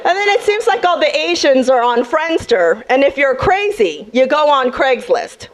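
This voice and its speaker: A young woman works a comedy club crowd through a handheld mic in a high voice. She is brash and sassy, and she speaks straight to the audience. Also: big pitch swings, moderate pace. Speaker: stand-up comedian. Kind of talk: stand-up comedy set.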